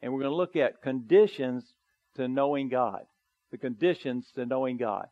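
A man's voice: mid-range voice, moderate pace, a little mellow, dry recording. Guy preaching, reads the bible out earnest, kinda dull dry recording. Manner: earnest, reads scripture aloud with rising emphasis. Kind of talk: sermon with scripture reading.

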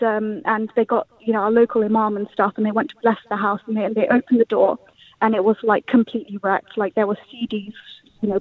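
A man's voice: high voice, no echo. A man telling a family ghost story on a radio show, rambling with many fillers and restarts, over a tinny phone line. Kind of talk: casual storytelling. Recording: tinny phone-like dry sound.

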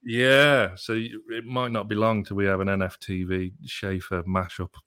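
A man's voice: on the low side, little pitch movement, moderate pace, a bit bright, clear, resonant tone, no room sound, clean studio sound. A male podcast co-host chatting casually and loosely, laughing along with his guest. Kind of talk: casual interview chat.

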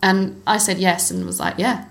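Animated middle-aged woman telling stories. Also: mid-range voice, normal speed. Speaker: interview guest, former cyclocross racer. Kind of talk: casual conversational storytelling.

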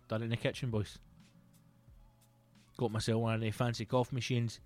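A Scottish man in his thirties hosting a solo comedy podcast, telling rambling, sweary, animated stories. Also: mid-range voice, brisk, no echo, soft background music. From Scotland. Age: 30s.

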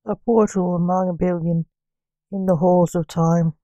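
A woman reading a storybook, voicing a calm guide giving instructions. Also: lowish voice, unhurried, dry recording, highs cut off, natural voice. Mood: instructive.

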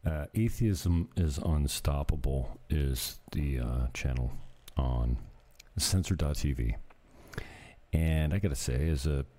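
A man's voice: rumbling low, takes it slowly, mellow. A man casually commenting on videos he is watching, rambling into ranty asides with some self-deprecation. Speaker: co-host reacting to videos.

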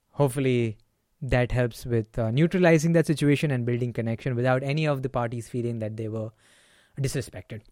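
A man's voice: medium pitch, a little mellow, no echo, clean studio sound. A man hosting a solo podcast, talking casually about handling anger and acting out short example lines with a sudden raised voice. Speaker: podcast host.

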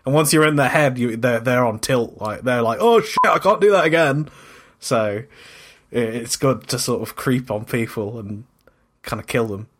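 A man's voice: mid-range voice, fairly even intonation, moderate pace. A man co-hosting a podcast, talking in an easygoing way and laughing often. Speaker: podcast co-host. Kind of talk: casual chat.

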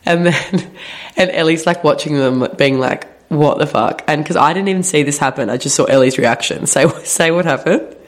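A woman's voice: sits low, moderate pace. A young woman, co-hosting a casual podcast, reacting with laughter and swearing. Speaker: podcast co-host. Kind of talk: casual chat.

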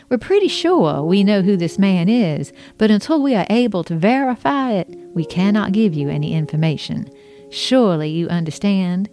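Storybook figure: woman voicing a sugary Georgia-drawl lady investigator, prim and patronizing, low-pitched. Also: darkish tone.

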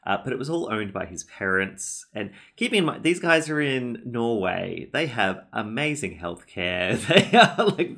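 A podcast host chats casually, rambling with lots of fillers and restarts. His voice sits on the low side, creaky yet fairly bright.

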